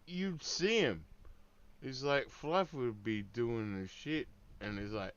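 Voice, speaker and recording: While streaming a game, a man tells a meandering story in laid-back, swearing casual chat full of fillers. His mid-range voice is slow, clear and resonant, with the highs cut off.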